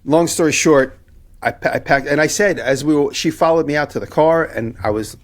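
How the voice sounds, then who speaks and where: A man on a podcast telling a story in casual chat, animated and acting out the people in it. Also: a little high, a little fast. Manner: animated anecdote telling, acting out both sides of quoted exchanges. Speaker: podcast co-host.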